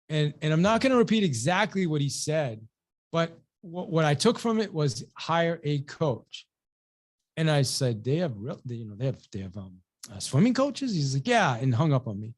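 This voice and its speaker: A man hosting a webinar, telling a personal story with energy, acting out both sides of the dialogue, often repeating words and restarting. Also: a little high. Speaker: webinar host and real estate coach.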